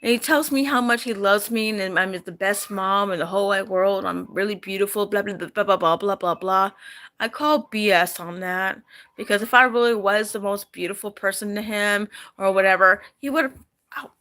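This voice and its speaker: A woman's voice: medium pitch, moderate pace, sharp tone. A middle-aged woman vlogging, angry and upset, repeating herself as she vents after sleepless nights. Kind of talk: emotional personal vlog.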